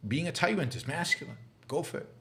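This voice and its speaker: Halting, argumentative male livestream host. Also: fairly high pitch, expressive, pushed and bright. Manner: halting with many restarts and fillers, argumentative. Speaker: podcast host answering live questions. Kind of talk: livestream commentary and Q&A.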